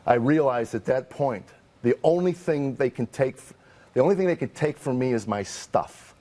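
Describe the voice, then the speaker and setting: A man's voice: medium pitch, animated, normal speed, mellow. A middle-aged man, a comedian guest in an interview, telling candid personal stories in a wry, self-deprecating way and acting out the people in them.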